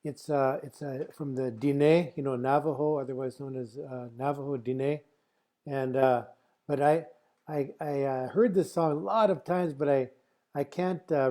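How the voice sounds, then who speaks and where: A man teaching a song over a video call, speaking in a halting way with many filler pauses. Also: mid-range voice, mellow. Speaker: flute player teaching a song.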